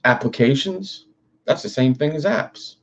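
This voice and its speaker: A man's voice: a little high, expressive, a little slow, lo-fi sound. A young man hosting a livestream. He rambles in casual chat, swears freely and talks to his viewers. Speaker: livestream host.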